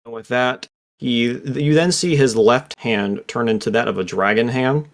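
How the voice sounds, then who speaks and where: A tired man narrating a tabletop game as game master, relaxed with many fillers. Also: medium pitch, unhurried.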